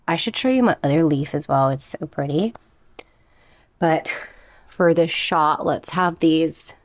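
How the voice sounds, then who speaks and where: A woman's voice: low-pitched, lively intonation, measured pace, long pauses, no room sound. A young woman chatting casually in a plant care vlog, a little out of breath and giggling now and then. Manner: chatty, giggly, talks softly to her plants. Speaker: plant vlogger.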